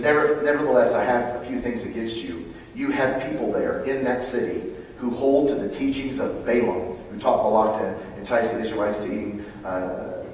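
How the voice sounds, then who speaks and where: American preacher guy, gets loud and high then drops quiet, big echoey hall, sounds far from the mic. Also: a little hiss or hum. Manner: animated, climbs high and loud when stirred, then drops low and quiet. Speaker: pastor. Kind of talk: sermon.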